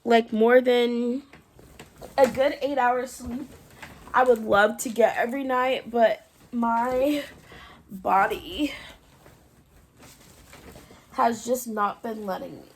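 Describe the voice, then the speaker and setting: A woman's voice: a little high, steady tone, slow pace, pauses often, a little hiss or hum. A woman in her twenties giving a casual, candid story-time recap as a vlogger, her throat sore and strained. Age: 20s. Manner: chatty and candid, trailing into tired asides.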